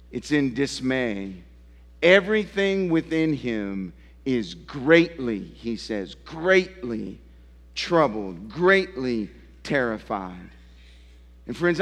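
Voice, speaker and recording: A man preaching a sermon slowly and emphatically, with dramatic pauses and repeated phrases. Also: high voice, fairly bright tone, big-room sound. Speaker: pastor.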